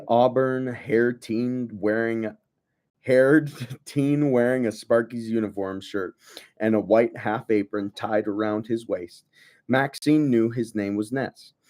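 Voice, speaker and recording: A man's voice: medium pitch, mellow. A young man reads a novel aloud in an easygoing way, tripping over words and repeating them. He keeps breaking off into jokey mock rants between passages. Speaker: book reader. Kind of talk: casual read-aloud with jokey asides.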